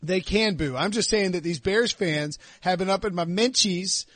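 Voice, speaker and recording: High-voiced animated podcast host man. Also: normal speed, no echo. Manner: animated, mocking, puts on voices of fans. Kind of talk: casual sports podcast banter.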